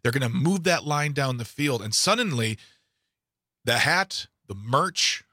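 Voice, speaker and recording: A man co-hosting talk radio with a bright, crisp tone, close and dry on a studio mic. He talks in a sarcastic, opinionated way and stumbles and restarts his words often. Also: mid-range voice, lively intonation, unhurried, dry recording. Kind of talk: casual opinionated radio chat. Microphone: studio microphone.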